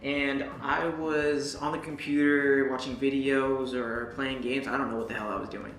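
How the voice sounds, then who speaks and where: A young adult woman vlogger telling a story in an animated, casual way, swearing and talking straight to the viewer. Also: extremely low pitch, moderate pace. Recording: echoey room.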